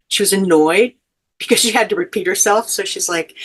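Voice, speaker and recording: A middle-aged woman, a grief educator and life coach, tells a heartfelt personal story as an interview guest, earnest and emotional with soft fillers. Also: mid-range voice, steady tone, fairly quick.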